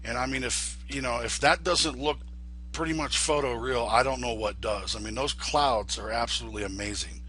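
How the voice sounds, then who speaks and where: A man's voice: medium pitch, moderate pace, pushed and bright, slight background noise. A man with a sinus infection, sounding congested, talking casually and rambling through a flight sim tutorial with many restarts. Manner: rambling, restarts often, folksy. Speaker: flight sim video host.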